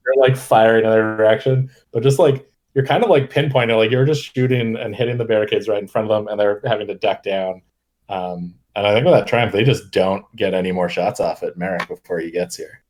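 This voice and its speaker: A man's voice: on the low side, a little fast, a little mellow. A man narrating as game master, rambling with lots of fillers and frequent laughter.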